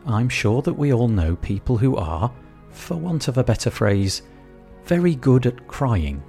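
A man hosts a podcast in a reflective, measured scripted narration. His intonation rises and falls with a lively range. Faint music plays softly behind his voice. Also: mid-range voice, creaky. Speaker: podcast host.

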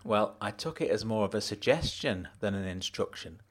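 A man's voice: on the low side, expressive, normal speed, breathy edge. A man narrating an audiobook in the first person, dry and matter-of-fact.

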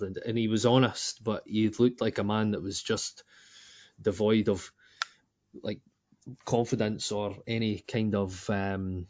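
A man's voice: lowish voice, unhurried, lo-fi sound. Sweary Scottish man in football banter. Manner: sweary, laughing, animated banter. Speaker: podcast co-host. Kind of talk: casual football chat.

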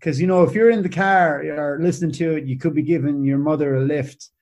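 An Irish man, a comedian guest, telling stories in a relaxed, chatty way. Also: fairly high pitch, fairly quick. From Ireland. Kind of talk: casual chat.

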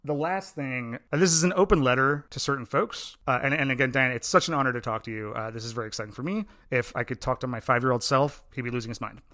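A man from Long Island hosting an interview, talking like an excited fan with jokey asides. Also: mid-range voice, dry recording, clean studio sound. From Long Island, New York. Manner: enthusiastic fan, rapid jokey delivery. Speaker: podcast host. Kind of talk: casual interview chat.

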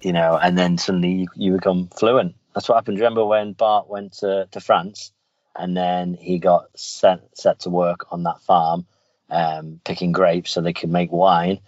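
A podcast host with a deep, slightly mellow voice and little pitch movement chats casually at a moderate pace, rambling through stories with many restarts. The recording is dry, dull and lo-fi, with faint music behind him.

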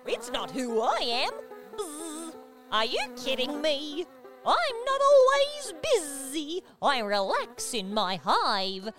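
A lazy little bee drones and buzzes in a children's story, voiced by a performer. The voice sits very high and slow. Loud children's music plays underneath. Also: wildly swooping pitch, exaggerated voice. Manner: buzzing, drowsy storybook voice. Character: lazy buzzing worker bee.

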